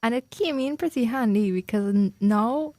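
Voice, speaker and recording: A woman's voice: on the high side, dry recording. A young woman from Trinidad with a Trinidadian accent, chatting casually as a podcast co-host and laughing often. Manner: chatty, laughs often, quick bursts when excited. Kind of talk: casual chat.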